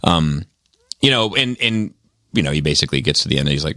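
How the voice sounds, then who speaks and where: A man's voice: very deep voice, big pitch swings, brisk, creaky, sharp tone, no room sound, studio quality. A man hosting a casual podcast chat, rambling with lots of fillers and some swearing. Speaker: podcast host. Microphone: studio mic on arm.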